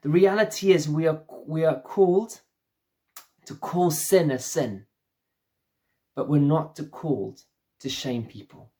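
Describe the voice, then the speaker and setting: A man's voice: on the high side, a little slow, long pauses, dark tone. A man preaching a sermon as pastor, earnest and repeating phrases for emphasis.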